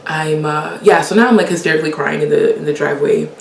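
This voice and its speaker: Young woman, casual storytelling, laughs often, lowish voice, roomy echo, faint hiss. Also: fast talker, gravelly, far from the mic. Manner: animated, laughs often, acts out quoted lines. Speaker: storyteller host.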